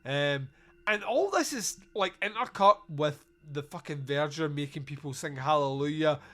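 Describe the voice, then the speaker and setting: A man's voice: a little high, lively intonation, normal speed, fairly bright tone. Sweary, joking man reviewing a film. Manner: sweary, jokey, quotes scenes in put-on voices. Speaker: podcast host. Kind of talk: casual film review chat.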